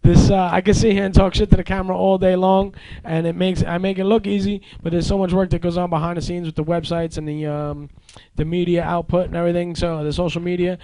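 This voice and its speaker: A man's voice: sits high, flat delivery, fast talker, few pauses, warm tone. A man hosting a show, chatting loosely and joking through sponsor plugs. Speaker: host. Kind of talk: casual chat and read sponsor plug.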